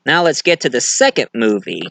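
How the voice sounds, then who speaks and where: A man's voice: medium pitch, very animated, brisk, vocal fry, a bit bright, a little hiss or hum. A man giving a casual movie review, retelling the plot in a rambling way with fillers and restarts.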